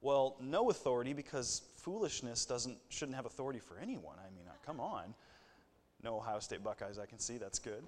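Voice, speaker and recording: A man's voice: medium pitch, big pitch swings, brisk, few pauses, a little mellow, big-room sound. A man preaching a sermon in a conversational way, with asides and light jokes. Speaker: pastor.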